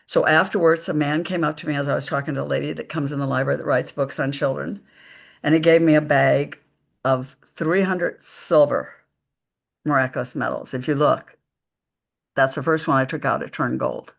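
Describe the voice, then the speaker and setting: A woman, a psychic medium guest, telling stories slowly and emphatically in a live conversation, acting out the dialogue. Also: low voice, steady tone, creaky. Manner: slow, emphatic storytelling with quoted dialogue.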